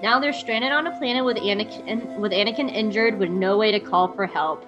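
A young woman co-hosting a podcast, recapping an episode in a quick, excited way and laughing often. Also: medium pitch, muffled recording, music in the background. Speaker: podcast co-host. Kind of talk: casual chat and episode recap.

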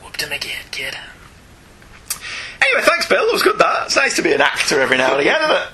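A man's voice: sits high, wildly swooping pitch, racing, pushed and bright, breathy edge. A British man hosting a podcast, chatting casually, joking and reading listener emails. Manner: jokey, chatty, laughs easily. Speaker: podcast host.

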